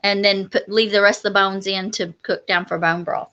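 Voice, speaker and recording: A woman with a bright, sharp tone chats eagerly on a casual homestead livestream. She is full of agreeable yeahs and quick back-and-forth. The sound is a bit dull and muffled. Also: medium pitch, steady tone. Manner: chatty and enthusiastic, many yeahs. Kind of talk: casual live-stream chat.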